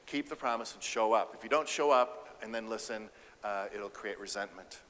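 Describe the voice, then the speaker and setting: A man giving an animated, humorous keynote speech about relationships on a conference stage. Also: fairly low pitch, moderate pace. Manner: animated, acts out voices, audience banter. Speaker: keynote speaker and relationship counselor. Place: conference stage before a live audience. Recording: echoey conference hall.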